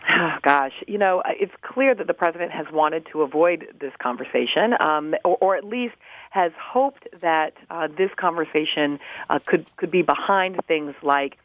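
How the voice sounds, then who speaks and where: A woman's voice: deep voice, normal speed, no echo. A woman professor answering interview questions over the phone, thoughtful, with many ums and restarts. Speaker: professor and guest commentator. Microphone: telephone. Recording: tinny phone line.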